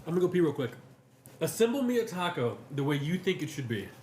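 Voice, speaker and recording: A man's voice: on the high side, big pitch swings, fast talker, a little mellow, slight background noise. A man tasting food and joking around in a home kitchen, swearing freely as he teases. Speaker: guest taste tester. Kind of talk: casual chat.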